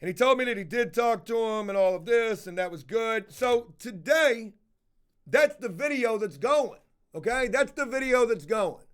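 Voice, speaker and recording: High-voiced, cussing male vlogger. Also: lively intonation, normal speed, fairly bright tone, clean tone. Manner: profane, exasperated, blunt. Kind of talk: casual storytelling rant to camera.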